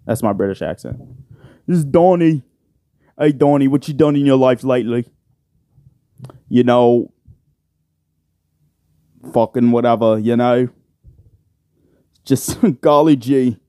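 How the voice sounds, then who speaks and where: A man's voice: low voice, lively intonation, fast, creaky, few pauses, darkish tone, no echo, studio quality, pitched below the performer's own voice, heavily acted. A man putting on a goofy, exaggerated British-sounding voice to parody another podcast host. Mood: mocking. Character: mocking put-on British male podcast host.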